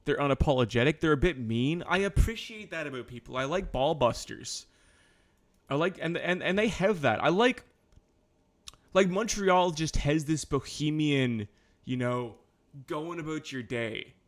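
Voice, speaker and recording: On a live stream, a man talks casually in a fairly high, animated voice at a slightly slow pace. He rambles loosely, swears, and corrects himself along the way.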